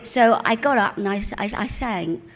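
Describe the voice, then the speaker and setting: A woman's voice: mid-range voice, moderate pace. A woman in her seventies with a London Cockney accent, telling rambling, cheeky and bawdy anecdotes as an interview guest on stage. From East End of London. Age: 70s. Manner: chatty, rambling, cheeky and bawdy, self-mocking. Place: cinema venue before a live audience.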